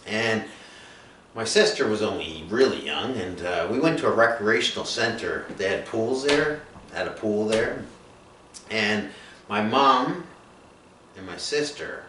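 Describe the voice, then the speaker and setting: A man telling his own life story in a rambling, halting way, full of fillers and restarts. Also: on the low side, bright, forceful tone. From Nova Scotia, Canada. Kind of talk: personal storytelling monologue. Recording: echoey room, mic at a distance, faint noise.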